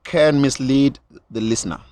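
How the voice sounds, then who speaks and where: A man's voice: mid-range voice, normal speed, darkish tone. A man hosting a podcast in casual chat, joking and often repeating words as he gets going. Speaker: podcast host.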